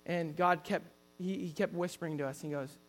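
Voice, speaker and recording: A man's voice: a little high, steady tone, brisk, long reverb tail. A man preaching a sermon in an earnest storytelling way, often restarting his sentences.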